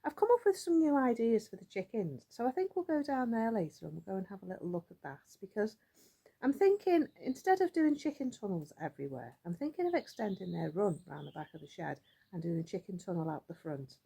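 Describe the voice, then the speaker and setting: A woman's voice: medium pitch, sing-song, a little fast, gravelly, dark tone, husky. A woman chatting casually to her vlog audience, rambling and thinking aloud as she goes. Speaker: vlogger. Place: outdoors in a yard.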